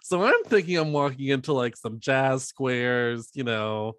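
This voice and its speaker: A man's voice: medium pitch, animated, measured pace, fairly bright tone, no room sound. A man in his thirties co-hosting a podcast, telling a rambling story with many fillers and laughs. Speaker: podcast co-host. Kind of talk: casual chat.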